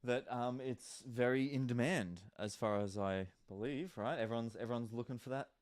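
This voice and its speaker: A man co-hosting a live stream, relaxed and a little hesitant. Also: medium pitch, moderate pace. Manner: relaxed, hesitant, many fillers. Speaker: stream co-host. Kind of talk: casual live-stream chat.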